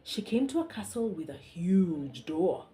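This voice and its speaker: A woman reading a story aloud to young children, soft and hushed, pausing to ask the listeners questions. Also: fairly low pitch, big pitch swings.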